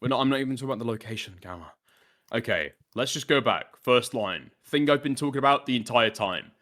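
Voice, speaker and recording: A man's voice: mid-range voice, animated, fast talker, fairly bright tone. A man arguing over a call, exasperated and sarcastic, swearing and trading insults. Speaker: debater on a call. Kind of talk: heated argument.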